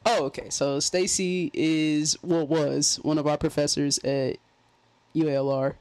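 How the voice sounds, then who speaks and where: Young man with a slightly high, dry voice. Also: fairly even intonation, measured pace, a little mellow, dry recording. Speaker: podcast co-host. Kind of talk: casual chat.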